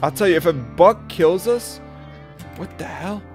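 A man's voice: high voice, lively intonation, unhurried, faint music behind. Frantic man narrating a colony game. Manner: jumpy, talks to his colonists, spikes loud when tense. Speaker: let's play gamer.

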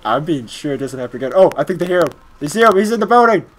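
A man playing a video game with a friend, excitable, often laughing and shrieking. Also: on the high side, racing. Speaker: gamer. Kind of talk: casual gameplay chat.

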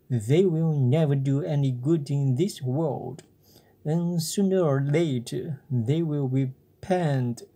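A slow, unhurried old cricket lectures in a soft, breathy voice, as a storybook reader puts him on. He stays patient and wise, scolding gently and never rushing a word. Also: mid-range voice. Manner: calm, lecturing.

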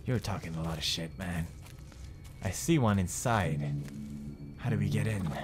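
A man's voice: deep voice, normal speed, faint music behind. A young man in his twenties giving jumpy, swearing commentary while playing a horror game. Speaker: gamer commentator.

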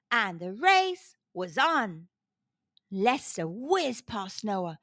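Children's storyteller, woman, high and expressive, unhurried. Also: no room sound, studio quality. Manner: animated, expressive. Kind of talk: children's read-aloud.

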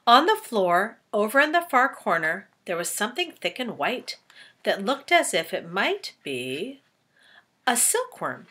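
Animated woman reading a story. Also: a little high, slightly rough. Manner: animated, asks children questions. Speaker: teacher reading aloud. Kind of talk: storybook read-aloud for children.

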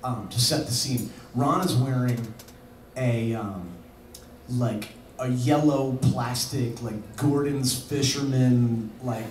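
A man's voice: mid-range voice, fairly even intonation, slow, a little mellow. Rambling man telling a story, echoey. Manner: rambling and laughing, full of fillers. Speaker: musician telling a story on stage. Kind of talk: live anecdote. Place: bar music venue. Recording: echoey live room from far off with noise.

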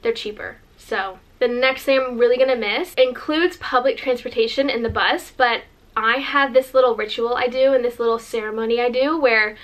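A young American woman in her twenties talks straight to camera in a casual vlog, her voice sitting a little high. She gushes with enthusiasm and keeps slipping in "like" as she rambles along. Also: fairly even intonation, normal speed, a bit bright. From Northern California, USA. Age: 20s. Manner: gushing, chatty, heavy use of "like". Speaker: vlogger. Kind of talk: casual sit-down vlog chat.

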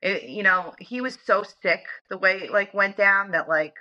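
A woman's voice: medium pitch, moderate pace, bright, forceful tone, highs cut off. A woman guest in a casual interview, talking in a chatty way full of "like" and "you know". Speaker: interview guest, dog owner.

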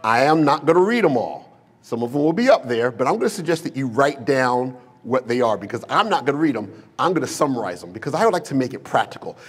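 A man's voice: mid-range voice, big pitch swings, fast, slightly rough. A male pastor preaching a sermon to a congregation in a church, mixing humor, slang and rhetorical questions into his storytelling. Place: church sanctuary with a live congregation.

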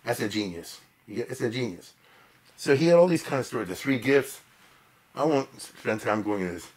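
A man giving an informal storytelling lecture, animated and emphatic, with chatty asides to the audience. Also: medium pitch, brisk. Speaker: lecturer on history.

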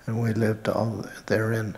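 An older man from Utah giving a halting family tribute at a memorial and reading scripture aloud. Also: fairly low pitch, completely flat delivery, a little mellow. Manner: halting, with frequent pauses and fillers. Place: church sanctuary. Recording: reverberant church hall.

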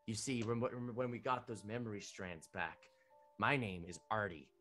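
Halting low-voiced male player. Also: a bit bright, faint music behind. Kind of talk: in-character tabletop play.

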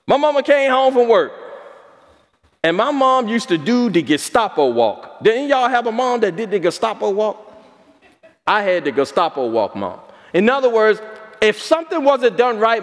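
A male pastor preaching a sermon with a high voice that climbs and swoops. He tells stories and keeps asking the congregation questions. His voice carries a long echo through the church hall. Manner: storytelling, asks the congregation questions.

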